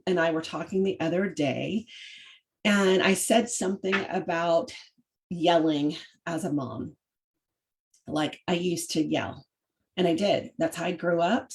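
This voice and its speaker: A woman's voice: on the low side, gravelly, darkish tone. A middle-aged woman, hosting a chatty faith-based parenting talk full of fillers and restarts. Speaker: podcast host.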